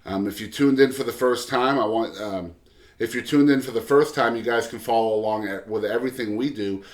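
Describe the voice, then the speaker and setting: A man's voice: medium pitch, a little fast. A man hosting his own music podcast, reading casual show announcements in a loose, joking way with lots of um fillers. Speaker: podcast host.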